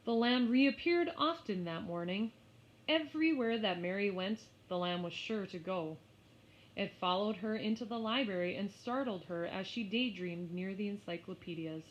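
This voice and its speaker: A woman narrating a children's story aloud in an expressive, unhurried way. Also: mid-range voice. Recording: slightly muffled lo-fi.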